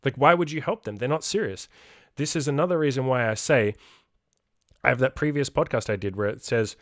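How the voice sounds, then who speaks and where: A man's voice: medium pitch, fairly quick, dry recording, clean studio sound. A young man coaching in a podcast monologue, blunt and emphatic, swearing freely. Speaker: self-improvement coach.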